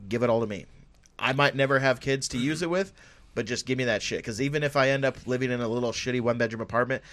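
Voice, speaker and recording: Relaxed man telling a rambling story. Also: mid-range voice, quick pace. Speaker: podcast co-host. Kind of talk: casual storytelling.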